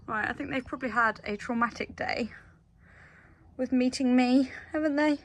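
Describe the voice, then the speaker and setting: A woman's voice: sits high, normal speed, a little hiss or hum. A woman vlogging casually from her stables, chatting to the camera and cooing baby talk to her animals. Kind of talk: casual vlog chat.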